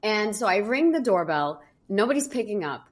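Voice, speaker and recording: A woman hosting a podcast interview, a lively storyteller who acts out the voices in her stories. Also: mid-range voice, moderate pace. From New York. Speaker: podcast host.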